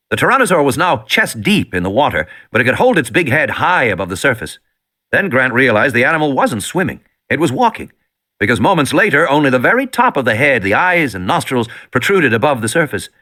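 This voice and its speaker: A man's voice: mid-range voice, pushed and bright. A man reading an audiobook with dramatic, tension-building storytelling. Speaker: audiobook narrator. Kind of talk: scripted narration.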